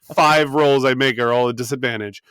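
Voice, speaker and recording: A man's voice: medium pitch, normal speed, a bit bright, clean tone, no room sound, studio quality. A man co-hosting a podcast, casually recounting a tabletop game story in a self-deprecating way and laughing often. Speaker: co-host and game master. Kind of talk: casual podcast chat and anecdote.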